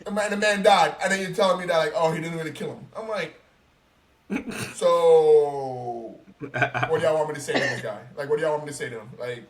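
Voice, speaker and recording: A young man talking casually on a podcast, ranting in an animated, profane and emphatic way. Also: a little high, moderate pace. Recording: roomy, distant mic, faint noise.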